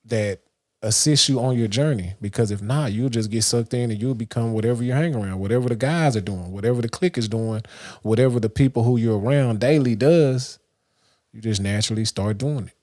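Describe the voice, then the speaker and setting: With a mid-range, somewhat mellow voice and a slightly quick pace, a livestream host from Dallas, Texas meanders through a motivational monologue, restarting often and filling pauses with fillers.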